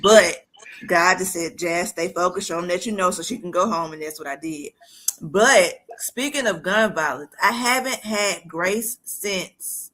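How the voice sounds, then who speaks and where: A woman's voice: fairly low pitch, unhurried, fairly bright tone. A young woman telling her own story of surviving a shooting in a blunt, matter-of-fact way. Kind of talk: candid personal story.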